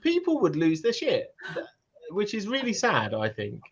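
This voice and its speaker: British guy co-hosting, chatty and animated, kinda dull lo-fi audio. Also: sits high, measured pace, vocal fry, heavy background noise. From Britain. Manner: animated, laughing, mock voices. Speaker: podcast co-host. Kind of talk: casual chat.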